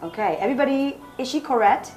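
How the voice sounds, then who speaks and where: A woman's voice: on the high side, very fast, a little mellow, faint music behind, rough recording. Encouraging Burmese-accented woman teaching English. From Myanmar. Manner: encouraging, repeats students' answers back, many "okay"s. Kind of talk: classroom teaching. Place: classroom.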